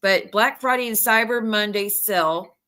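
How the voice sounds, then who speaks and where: A woman hosting a stream, retelling gossip in a rambling, animated way with many restarts. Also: medium pitch, moderate pace, smooth. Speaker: livestream host. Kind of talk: casual gossip chat.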